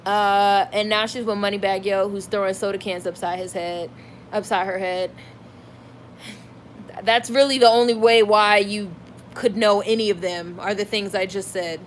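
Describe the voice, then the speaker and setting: A woman's voice: mid-range voice, moderate pace, a little hiss or hum. A woman hosting a livestream, chatting casually about celebrity gossip and reacting to comments from her chat. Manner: chatty, animated, heavy use of "like". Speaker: livestream host reading chat.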